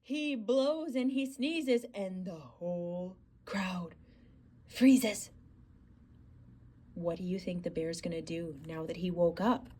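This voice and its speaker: A woman's voice: on the low side, slow pace, darkish tone, a little hiss or hum. A woman reading a rhyming children's picture book aloud in a theatrical, sing-song way. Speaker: storyteller.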